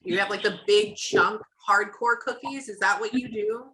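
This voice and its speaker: A woman's voice: medium pitch, normal speed, sharp tone. A woman working as a psychic medium, chatting through a reading and acting out what she hears, on camera. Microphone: camera or video call.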